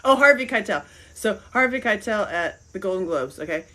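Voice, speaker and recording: A middle-aged woman from the American South hosts a casual livestream, reading comments in a medium-pitched, expressive, sharp-toned voice at a brisk pace. The recording is low quality, and she rambles loosely from thought to thought, giggling often.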